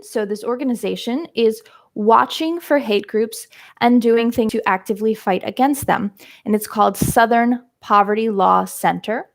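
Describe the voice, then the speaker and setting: Slow-talking woman teaching English. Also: fairly high pitch. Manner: slow, explains terms step by step, frequent "um" and "right?". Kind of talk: live-streamed vocabulary lesson.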